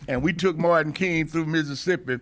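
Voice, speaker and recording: A high-pitched older man recounting events as an interview guest. His storytelling is impassioned and oratorical, with frequent hesitations and restarts. It builds into the rhythm of a rally speech. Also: a little fast, a bit bright. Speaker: interview guest, veteran activist. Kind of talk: oral history storytelling.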